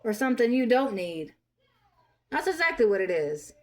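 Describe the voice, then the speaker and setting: A woman's voice: on the high side, big pitch swings, normal speed, a little hiss or hum. Blunt, scolding woman ranting. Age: 30s. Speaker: vlogger. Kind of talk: angry commentary rant.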